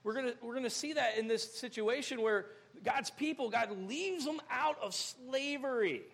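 A young man preaching in a church, with a high voice that has a gravelly edge. He is animated, acting out little scenes and jumping to loud outbursts. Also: normal speed. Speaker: pastor. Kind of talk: sermon.

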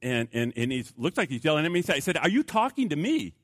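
An older male pastor delivers a sermon in a fairly high voice, telling stories with lively emphasis and then dropping to hushed, quiet passages. The sound is dry and close, with no room echo. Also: fast talker. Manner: animated storytelling, swinging from loud emphasis to hushed tones.

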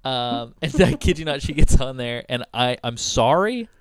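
A man's voice: mid-range voice, animated, moderate pace, smooth, no echo. A young man telling a story on a podcast, loose and rambling, full of filler words and casual swearing. His voice sits in an ordinary middle range. The recording is close and dry. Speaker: podcast host.

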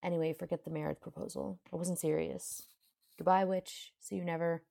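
A woman's voice: fairly low pitch, steady tone, fairly quick, mellow. A woman reading a brash young barbarian prince. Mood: gruff. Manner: gruff, curt, swearing.

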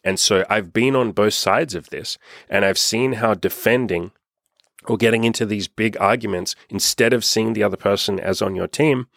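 A man's voice: fairly low pitch, normal speed, creaky, a bit bright, no echo, studio quality. A young Australian man coaching in a blunt, profane, casual monologue. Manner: blunt, profane, repetitive emphasis. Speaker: self-help coach.

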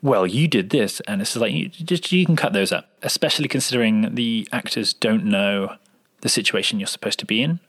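A man's voice: fairly low pitch, brisk, fairly bright tone, breathy edge. A man, a sound designer, explaining editing advice in an interview answer and acting out example lines. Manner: explanatory, acts out example dialogue.

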